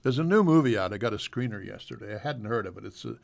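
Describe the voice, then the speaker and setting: An older man, a guest actor, chatting casually on a radio talk show and telling relaxed anecdotes. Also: fairly low pitch, quick pace, vocal fry, a crowd in the background.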